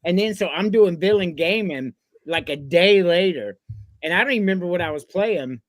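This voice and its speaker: A woman's voice: on the low side, animated, normal speed, dry recording. A woman co-hosting a casual podcast, telling stories with frequent laughs and swearing. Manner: giggly, profane storyteller. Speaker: podcast co-host. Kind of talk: casual chat.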